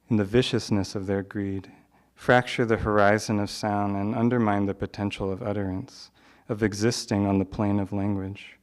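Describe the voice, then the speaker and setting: A man hosting a poetry reading, introducing the featured poet in a measured, literary delivery. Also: fairly low pitch, darkish tone, smooth. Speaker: event host introducing a poet. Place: live reading venue.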